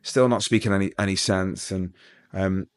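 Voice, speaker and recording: A man's voice: deep voice, steady tone, moderate pace. A middle-aged man from England telling his life story in an interview, rambling and restarting, with jokes along the way. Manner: rambling, self-interrupting, joking. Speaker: guest.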